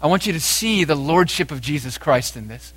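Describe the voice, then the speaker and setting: A man preaching a sermon, speaking with emphasis and moving between raised exhortation and quiet, intense passages. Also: on the high side, animated, a little fast, no echo.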